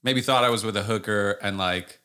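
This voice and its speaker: Low, bright-voiced joking man. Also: a little fast, clean tone. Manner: joking, laid-back. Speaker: podcast host. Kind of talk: casual chat.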